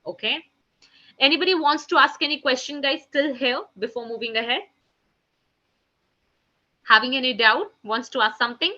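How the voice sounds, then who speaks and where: A woman teaches a French class online, speaking in a bright, sharp voice a little above the usual pitch. She repeats each French phrase twice and keeps calling her class "guys". The audio is slightly dull and lo-fi. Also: normal speed, long pauses. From India.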